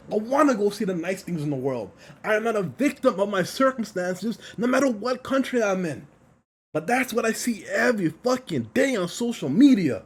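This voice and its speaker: A man's voice: high voice, darkish tone, slightly rough. A young man in a blunt, heated motivational rant on his vlog, swearing constantly and repeating himself for emphasis. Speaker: vlogger.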